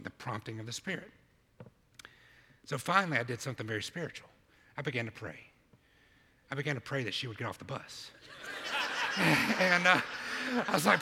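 A man preaching a sermon, with a voice that sits a little high and sounds very bright and forceful. He tells the story with energy and acts out the back-and-forth in his head. The sound carries a long reverb, as if filling a large hall. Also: moderate pace. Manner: storytelling, animated, acts out his own inner dialogue. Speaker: church planter preaching.

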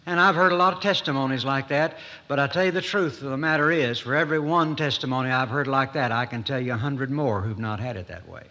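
A man preaching a sermon in a folksy manner, with dramatic pauses and rising emphasis. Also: mid-range voice, pushed and bright. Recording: echoey hall.

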